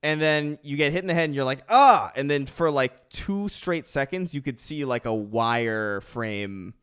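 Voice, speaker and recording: A man's voice: mid-range voice, normal speed, a bit bright, clean tone. A man chatting casually with friends, rambling and laughing as he spins wild hypotheticals.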